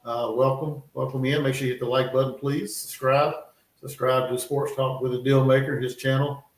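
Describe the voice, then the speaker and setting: A man's voice: medium pitch, level tone, normal speed. A man hosting a live stream, chatting in an easygoing, rambling way. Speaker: stream host. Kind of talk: casual live-stream chat. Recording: roomy, off-mic sound.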